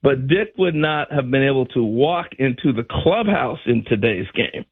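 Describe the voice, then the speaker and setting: An older man and former ballplayer telling animated stories on a sports radio show, acting out what others said. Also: mid-range voice, normal speed, breathy edge, narrow, tinny audio. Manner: animated storyteller acting out quotes. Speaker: former player turned radio analyst.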